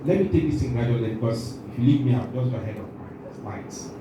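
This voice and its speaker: A man's voice: mid-range voice, fast, background noise. A man leading a training workshop, quizzing the room and joking, a little nervous, his voice shaking. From Nigeria. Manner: asks the room questions, jokes, self-interrupting. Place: large conference room. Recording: echoey room from far off.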